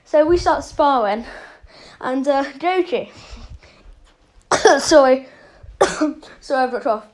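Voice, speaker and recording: Casual storyteller, woman with a high voice, loose and rambling, lots of fillers. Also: expressive, slow pace. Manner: rambling, with many fillers and self-corrections. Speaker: channel host.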